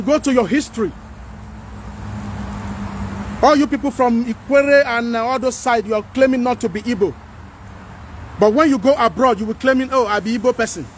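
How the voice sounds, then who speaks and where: A man with a Nigerian accent hosting a livestream, talking to viewers and reading their comments in an animated, pleading way. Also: sits high, a little hiss or hum. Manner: animated, pleading, mixes in Pidgin. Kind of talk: casual livestream talk.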